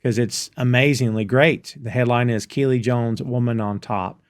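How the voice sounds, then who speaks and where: Animated man recapping scenes, dry sound. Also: medium pitch, normal speed, clean tone, no echo. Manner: animated storyteller recounting scenes. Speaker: podcast host. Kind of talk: casual recap chat.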